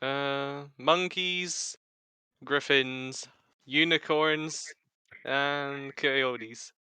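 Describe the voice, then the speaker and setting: A man's voice: medium pitch, fairly even intonation, very slow, sharp tone, smooth, no room sound. A man co-hosting a casual esports stream who talks in a cheeky, boastful way. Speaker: co-host.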